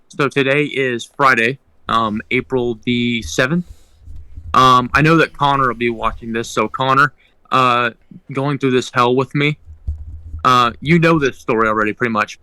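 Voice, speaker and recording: Young guy rambling through a work story on a podcast, bright voice, dry close mic. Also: mid-range voice, smooth, dry recording, poor audio. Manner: rambling, with many ums and restarts. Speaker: podcast co-host. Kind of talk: casual storytelling.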